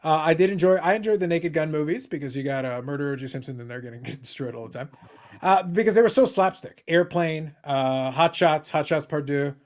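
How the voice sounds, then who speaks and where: A man hosts a casual live stream chat for a hobby, blunt and opinionated, often stammering and repeating words as he starts a point. His voice is on the high side and fairly quick.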